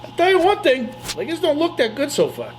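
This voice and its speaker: A man's voice: very high-pitched, wildly swooping pitch, brisk, a little hiss or hum. A man co-hosting a podcast, chatting about sports in a blunt, profane way and laughing often. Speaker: podcast co-host. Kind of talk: casual sports chat.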